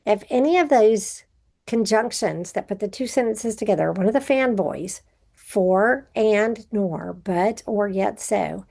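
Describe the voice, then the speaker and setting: A woman's voice: medium pitch, measured pace, vocal fry, darkish tone. A woman teaching a recorded grammar review, patiently explaining step by step with example sentences.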